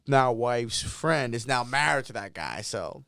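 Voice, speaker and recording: A man's voice: mid-range voice, big pitch swings, measured pace, a bit bright, no room sound, clean studio sound. A man in his thirties, a podcast guest, chatting casually and telling self-deprecating stories. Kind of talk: casual chat.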